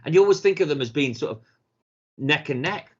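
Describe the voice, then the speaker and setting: A middle-aged man with a Manchester accent, chatting casually on a podcast, sweary and animated, laughing often. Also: on the high side, brisk, breathy edge, dull audio. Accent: Mancunian. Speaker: podcast co-host. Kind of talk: casual chat.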